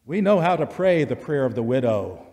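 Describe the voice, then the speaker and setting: A man preaching a sermon in a church, slow and deliberate, building repeated litanies that rise in intensity. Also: mid-range voice, very animated, a little mellow. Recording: long church reverb.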